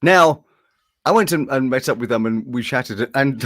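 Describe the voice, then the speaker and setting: Animated male guest who breaks into quick voice impressions, pitch swinging widely. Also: dry recording, clean studio sound. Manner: animated, jumps into impressions, laughs often. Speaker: voice-over artist guest. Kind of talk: casual interview storytelling.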